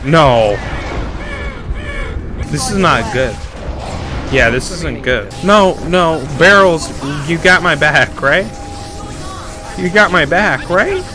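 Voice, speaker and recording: Gamer dude freaking out, keeps shouting no no no, kinda high voice, game music loud behind him. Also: male voice, slow, pauses often. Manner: excitable, yelling and repeating himself in panic. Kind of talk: let's play commentary.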